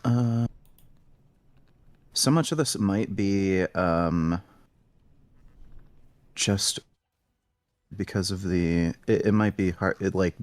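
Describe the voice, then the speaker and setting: A man's voice: deep voice, slow, pauses often, dry recording. A man in an online political debate who hesitates and stammers, with many filler ums.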